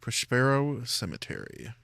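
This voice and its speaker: A man's voice: medium pitch, very animated, unhurried, vocal fry, a bit bright, dry recording. A man streaming a game, reading its lore text aloud and joking about his own slips. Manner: reads in-game text aloud, stumbles and jokes at himself.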